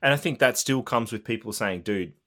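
A man co-hosting a podcast, agreeable and quick to laugh in casual chat. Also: mid-range voice, fairly bright tone. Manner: agreeable, frequent backchannel, laughs often. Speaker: podcast co-host.

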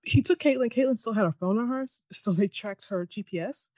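Woman, podcast co-host, casual and sarcastic, quick to quote characters; dry, close recording. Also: on the high side, dry recording. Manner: animated, mocking, quick quoting of characters. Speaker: podcast co-host recapping a TV episode. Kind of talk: casual chat.

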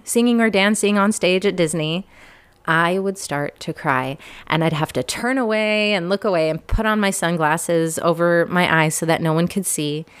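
A woman's voice: medium pitch, smooth. A woman in her thirties telling a personal story in a candid, self-deprecating way, often laughing.

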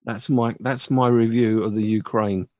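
A man's voice: fairly low pitch, steady tone, moderate pace, a little mellow, no room sound, muffled recording. A man hosting a radio show, chatting casually and giving blunt, dismissive reviews with plenty of ums and restarts. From England.

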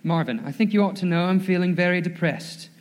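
A pastor voicing a manically depressed male robot, with a flat, funereal, self-pitying delivery, in a church. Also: sits high, brisk, natural voice. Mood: gloomy. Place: church sanctuary. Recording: long reverb of a large hall.

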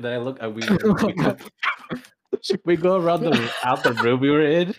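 A man's voice: mid-range voice, lively intonation, moderate pace, background noise. A young man co-hosting a podcast, telling stories in a rambling way with lots of swearing and laughing. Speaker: podcast co-host. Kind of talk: casual chat.

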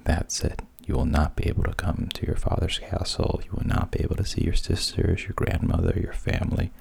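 A man voicing a scheming female sea witch in a soft, breathy whispered role-play. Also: deep voice, fairly even intonation, brisk, heavily acted. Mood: warning.

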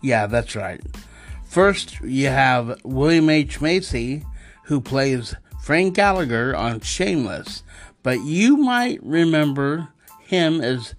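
A man's voice: medium pitch, expressive, slow, soft background music. A man hosting a casual podcast, reading odd news stories in a loose, unpolished way with joking asides and plenty of fillers. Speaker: podcast host.

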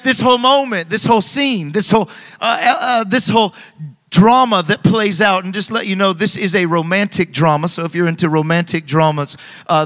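Energetic man in his thirties preaching. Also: high voice, in a large hall. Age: 30s. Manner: energetic, calls for congregation responses. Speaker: pastor. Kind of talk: sermon. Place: church hall with congregation.

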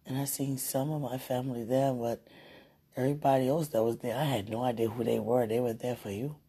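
A woman's voice: very deep voice, fairly even intonation, a little fast, mellow, slightly rough. A woman leaving a tender, teasing phone message for her partner, with the phone held close to her mouth. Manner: tender, sweet-talking, teasing.

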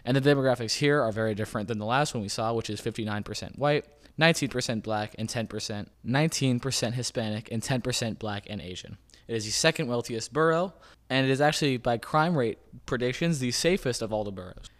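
A man's voice: mid-range voice, fast talker, fairly bright tone. A man hosting a podcast, explaining things in a loose, rambling way, often saying "kind of" and "like". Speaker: podcast host. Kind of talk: casual informational talk.

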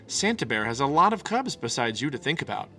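A man's voice: mid-range voice, big pitch swings, fairly quick, bright, forceful tone. A man voicing a knowing older boy bear cub in a storybook reading. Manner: knowing, matter-of-fact.

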